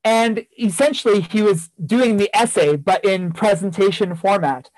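A man's voice: high-pitched, moderate pace, darkish tone, no room sound, poor audio. A man giving a keynote talk, earnestly telling a story from his years as a teacher, with repeated phrases for emphasis. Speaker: keynote speaker, former teacher.

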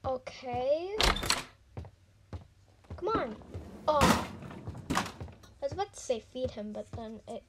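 A young woman casually reacting out loud to a horror game, jumpy and squealing when startled, muttering asides in between. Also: high-pitched, expressive, takes it slowly, long pauses. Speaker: gaming channel host. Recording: noisy home recording.

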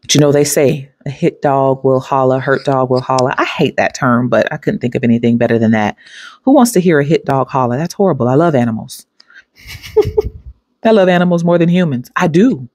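A woman's voice: rumbling low, fairly quick, darkish tone, dry recording. A woman hosting a spiritual self-help channel, giving an emphatic, preachy motivational talk and speaking straight to her viewers. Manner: laughs easily between points.

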